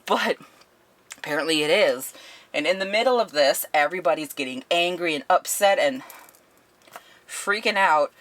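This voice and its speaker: Animated, swearing woman reviewing a book. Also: deep voice, normal speed, long pauses. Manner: animated, profane, laughing often.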